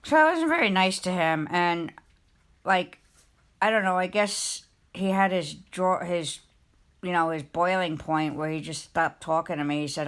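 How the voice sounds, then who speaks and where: A woman's voice: on the low side, measured pace, fairly bright tone, smooth. A middle-aged woman live streamer chatting casually, telling a rambling, emotional personal story in a confiding way.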